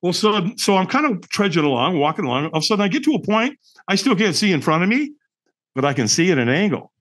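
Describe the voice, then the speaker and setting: A middle-aged man recounting a personal story as a podcast guest, in a fairly high voice that swoops up and down with lively feeling. He speaks emphatically and dramatically, tossing in rhetorical questions to pull the listener along. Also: quick pace. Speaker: podcast guest, firewalk instructor.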